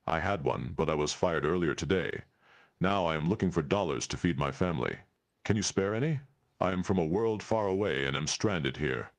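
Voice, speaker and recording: A man's voice: low-pitched, lively intonation, moderate pace. A man playing a stranded male Klingon alien who speaks stiffly and formally, without contractions, in a tabletop role-play. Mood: earnest. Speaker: player.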